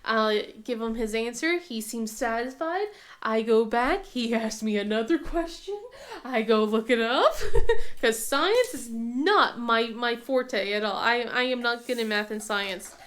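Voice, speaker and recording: Woman, thirties, crafting chat vlog, somewhat high voice, rambling with fillers and laughs. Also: expressive, a little slow, fairly bright tone. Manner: chatty, storytelling with many fillers and laughs. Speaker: craft vlogger. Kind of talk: casual chat while crafting.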